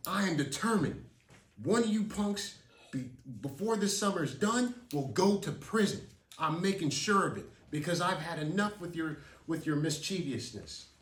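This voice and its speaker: A man's voice: sits high, animated, normal speed, voice pushed up. A man voicing a grumpy, vengeful male neighbor who rants and repeats his threats. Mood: angry, threatening. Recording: roomy, from a distance.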